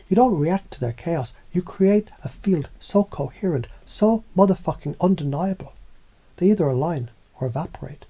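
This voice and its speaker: A man's voice: a little high, vocal fry, warm tone, husky. A man delivering a scripted motivational monologue in an intense, profane, preachy way. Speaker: motivational speaker.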